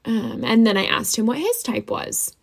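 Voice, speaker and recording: A woman's voice: on the high side, very animated, moderate pace, creaky. A woman telling a dating storytime, sarcastic and laughing through it. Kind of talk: storytime monologue.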